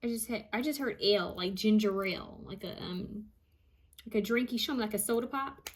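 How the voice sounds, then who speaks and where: A woman psychic medium reading out channeled messages, repeating each word she hears and pausing often with ums. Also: mid-range voice. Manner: hesitant with frequent ums.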